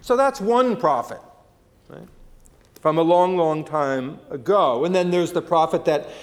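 A man's voice: a little high, expressive, measured pace, in a large hall. A man preaching a sermon in a folksy, conversational storytelling way, with many fillers and restarts. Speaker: pastor.

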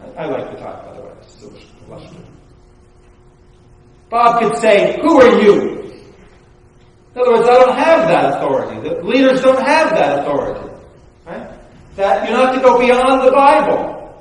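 A man's voice: extremely high pitch, sing-song, fairly quick, a little hiss or hum. A man preaching a sermon in a church in a conversational way, with many restarts and rhetorical questions to the congregation. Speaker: pastor. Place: church sanctuary. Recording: very echoey room from far off.

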